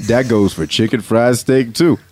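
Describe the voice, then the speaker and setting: A man voicing a friendly male commercial announcer giving a smooth ad read in a comic parody. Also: mid-range voice, moderate pace, background noise, natural voice. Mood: selling.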